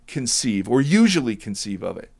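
A man talking about Jesus and scripture in a relaxed conversation, emphatic, sometimes teary and emotional. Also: medium pitch, normal speed, vocal fry. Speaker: Bible teacher in discussion. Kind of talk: conversational Bible discussion.

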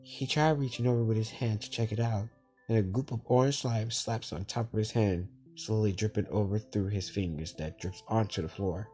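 A man reading his own spooky story aloud, in a plain, halting way with small slips. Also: lowish voice, fairly even intonation, mellow, faint music behind.

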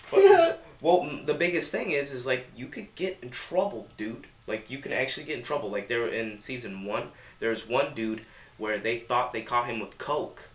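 A man's voice: mid-range voice, normal speed, fairly bright tone. Blunt, profane man in a roomy room. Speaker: podcast co-host. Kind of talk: casual profane chat. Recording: roomy with faint noise.

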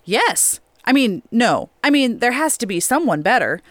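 A woman's voice: on the high side, very animated, normal speed, a bit bright, dry recording. A woman reading an audiobook, voicing a reluctant young man who rambles and keeps correcting himself. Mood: nervous.

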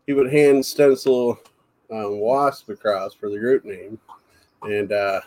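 A man's voice: on the low side, slow, darkish tone. A man hosting a paranormal podcast, chatting casually and teasing his guest. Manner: teasing, joking. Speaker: podcast host. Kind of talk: casual chat.

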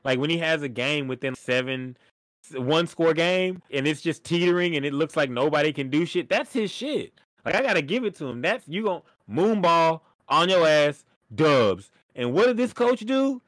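This is a man in a heated sports talk session, his voice sitting a little high and close to the mic with no room around it. He rants with animated outrage and swears freely. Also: normal speed, no room sound. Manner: animated, profane, ranting. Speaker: podcast co-host.

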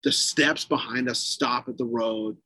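A man's voice: mid-range voice, unhurried, dry recording. A man, a podcast guest, casually tells a long ghost story with lots of swearing and fillers. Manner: profane, animated, lots of fillers.

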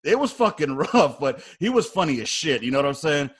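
A man telling army stories in casual chat, animated and profane, acting out loud quotes. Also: on the high side, brisk, slightly rough. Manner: animated storyteller, heavy swearing, acts out quotes loudly.

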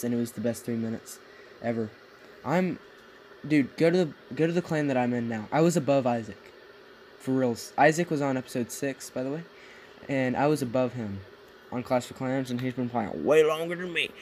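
A man's voice: mid-range voice, normal speed, a little mellow, slight background noise, poor audio. A young man co-hosting a casual podcast late at night in a basement, rambling, tired and goofy, laughing at his own jokes. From United States. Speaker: podcast co-host. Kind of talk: casual chat. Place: home basement.

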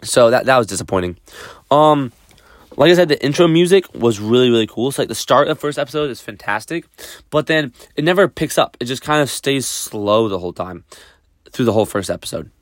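A man's voice: mid-range voice, expressive, brisk, no echo. Casual rambling man, dry sound. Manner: rambling, many fillers and restarts. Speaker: podcast host. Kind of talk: casual solo review talk.

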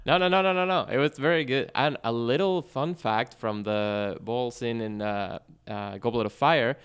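A man's voice: mid-range voice, normal speed, a bit bright, smooth. A man in casual podcast chat, chiming in briefly and then sharing a fun fact. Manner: brief agreeing interjections. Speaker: podcast panelist.

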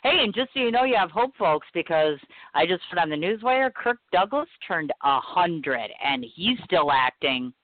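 An interview host in their forties, chatty and eager, with a lively, swinging pitch and plenty of fillers. The sound is dry and thin, like a phone call. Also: moderate pace, hardly any pauses, no room sound. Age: 40s. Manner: chatty, many fillers and restarts, eager reactions. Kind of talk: casual chat. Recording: dry, tinny phone-like line.

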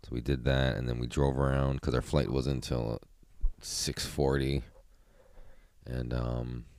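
Male solo podcaster, very low voice, dry close sound, rambling and profane. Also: flat delivery, a little slow, darkish tone, no room sound. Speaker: podcast host.

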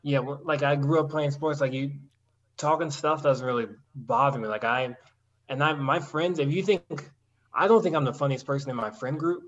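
A man's voice: a little high, moderate pace, highs cut off. A man co-hosting a podcast in casual chat, talking in a rambling, sarcastic way with many restarts.

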